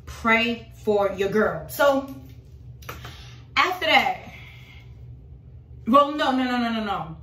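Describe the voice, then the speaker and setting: A woman's voice: a little high, animated, slow, long pauses, pushed and bright, echoey room, slight background noise. A woman talking casually and dramatically to her followers about her faith, calling them y'all. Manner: emphatic, dramatic, addresses viewers as y'all. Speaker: religious vlogger.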